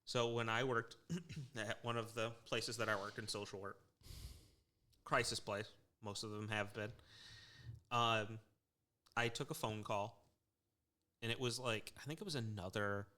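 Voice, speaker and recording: Man, casual podcast chat, rambling storyteller, frequent throat clearing, restarts. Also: lowish voice, fairly even intonation, measured pace, pauses often, pushed and bright. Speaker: podcast co-host; former social worker.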